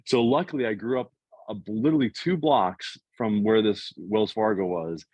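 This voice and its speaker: A man in his fifties from the US East Coast, telling a business story in casual, animated chat and acting out what other people said. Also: fairly low pitch, no echo. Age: 50s. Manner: animated, fast, acts out other people's quotes. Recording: dull, dry, lo-fi sound.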